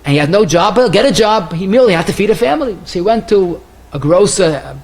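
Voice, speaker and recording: A man, a rabbi, giving a Torah lecture, telling stories in an animated way with wide swings of pitch and pace. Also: quick pace. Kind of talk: lecture sermon with told stories.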